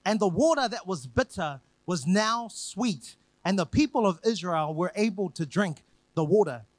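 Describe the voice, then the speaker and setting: A man preaching a sermon, retelling a scripture story with lively acted quotes and repeated phrases. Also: high voice, normal speed, no room sound.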